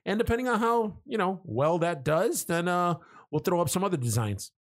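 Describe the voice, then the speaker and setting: A man's voice: high voice, animated, moderate pace. A man co-hosting a podcast, talking in a laid-back, rambling casual way. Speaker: podcast co-host. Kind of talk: casual chat.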